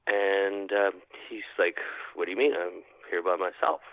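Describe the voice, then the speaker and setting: A low-voiced man from Canada tells his story with animation, acting out his own thoughts and repeating words for effect. The sound is dry and tinny, like a phone line. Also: little pitch movement, normal speed, dry recording. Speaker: podcast guest. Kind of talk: telling a personal encounter story.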